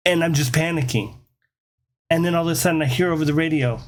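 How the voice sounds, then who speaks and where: Young dude telling a wild story, kinda high voice, lively and swears a lot. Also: male voice, quick pace, a little hiss or hum. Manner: animated, acts out quotes, swears casually. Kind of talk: casual storytime.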